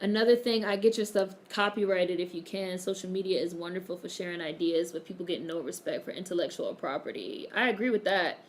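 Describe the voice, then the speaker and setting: A woman's voice: on the low side, brisk, few pauses, a little hiss or hum. A woman hosting a casual live stream, chatting and reading viewer comments aloud, swearing freely and laughing often.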